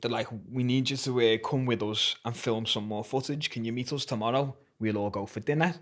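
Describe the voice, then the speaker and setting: He's a young guest from Liverpool, England, an MMA fighter recounting a story in loose, slang-filled, sweary chat with a Scouse accent. His voice is mid-range and steady in tone, and he speaks a little fast.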